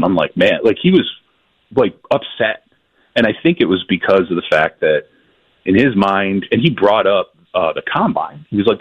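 A man's voice: deep voice, normal speed, husky, dry recording. A man, a football reporter in a casual sports interview, rambling and laughing as he retells conversations. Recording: dull lo-fi sound.

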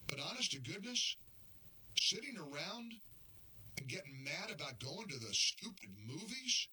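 An older man hosting a talk radio show, launching into impassioned rants that climb toward near shouts, then easing into folksy appeals to his listeners. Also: high-pitched, sing-song, moderate pace, breathy edge, low-quality recording.

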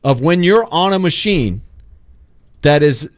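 Animated sports radio co-host, rambling. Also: male voice, fairly high pitch, unhurried, no echo, studio quality. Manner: rambling, animated, full of fillers. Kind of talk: casual radio talk.

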